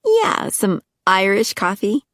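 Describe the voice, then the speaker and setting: A woman voicing a drunk, ditzy young blonde woman who whines and giggles in a high, squeaky voice. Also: sing-song, slow pace, fairly bright tone, dry recording, clean studio sound. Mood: tipsy, whiny. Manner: high-pitched, whiny party-girl voice.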